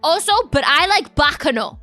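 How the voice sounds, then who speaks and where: A young adult woman chats casually on a live stream, her voice high and bright. She rambles easily from one thought to the next and answers viewers in a relaxed, chatty way. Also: moderate pace, soft background music. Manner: chatty, rambling, reacts to chat with squeals and laughs.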